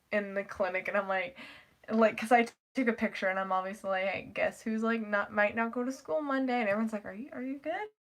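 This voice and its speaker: Rambling teenage girl telling a story. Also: medium pitch. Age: teens. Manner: rambling, animated retelling with frequent "like" and laughs. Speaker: vlogger. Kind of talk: casual storytime vlog.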